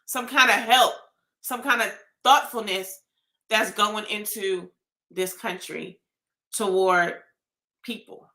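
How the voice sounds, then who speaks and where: A woman, pleading to camera in an impassioned, emotional vlog rant that rises to shouts. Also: mid-range voice, steady tone, takes it slowly, long pauses, roomy sound. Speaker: vlogger.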